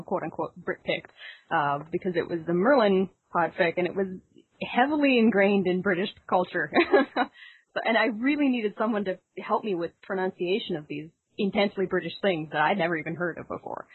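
Husky woman on a dry phone line. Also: fairly low pitch, a little fast, no room sound. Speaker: podcast reader. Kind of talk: casual chat.

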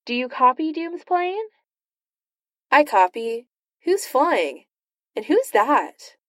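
A woman reading the lines of a quick-witted, flirtatious male inventor flying a plane, in a wry, teasing way. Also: sits high, sing-song, fairly bright tone, no room sound, clean studio sound, voice pushed up, full character voice. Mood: bantering.

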